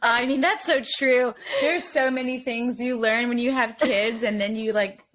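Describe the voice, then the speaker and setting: A woman in her thirties, a guest in a casual podcast chat, candid and quick to laugh, swearing casually as she acts out her own past words. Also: fairly high pitch, fairly even intonation, fairly bright tone, slight background noise.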